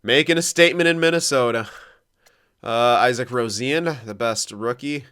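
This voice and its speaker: A young man with a smooth, clear, mid-pitched voice talks through his hockey video game as he plays. He thinks aloud, gets excitable and swears freely. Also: moderate pace. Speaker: gaming commentator. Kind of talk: casual gameplay commentary.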